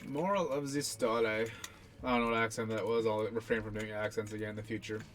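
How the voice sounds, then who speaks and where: A man's voice: lowish voice, completely flat delivery, very fast, fairly bright tone. A young man casually talking through his own gameplay, rambling and self-deprecating, swearing now and then. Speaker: gaming channel host.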